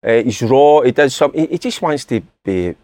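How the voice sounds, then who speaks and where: A man's voice: medium pitch, expressive, fairly quick, darkish tone, no room sound. A middle-aged Scottish man telling stories in casual podcast chat, laughing and swearing often. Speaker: podcast pundit.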